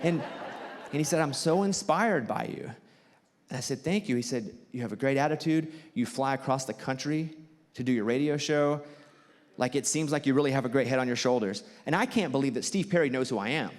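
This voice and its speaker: A man with a Southern US accent doing stand-up storytelling for a theater crowd, animated and jumping high when he acts out quotes. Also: fairly quick. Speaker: comedian and host. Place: theater stage. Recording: live theater with long reverb and faint ambience.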